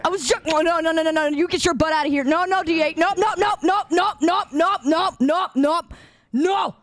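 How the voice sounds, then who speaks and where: A woman's voice: very high-pitched, moderate pace, no echo, clean studio sound. A young adult woman streaming a game, reacting with exasperated, dramatic pleading and outbursts. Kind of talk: reactive livestream gaming chat.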